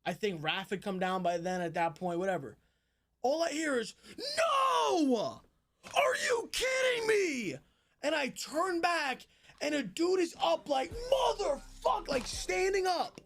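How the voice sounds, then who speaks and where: High-voiced young man telling a wild story. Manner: animated, swears a lot, jumps between fast narration and loud outbursts. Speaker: streamer. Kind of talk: casual storytelling to a live stream audience.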